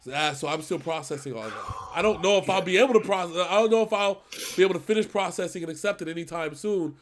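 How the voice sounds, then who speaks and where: A man in his thirties co-hosting a reaction channel, talking earnestly and haltingly with many restarts. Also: sits high. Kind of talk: emotional casual talk.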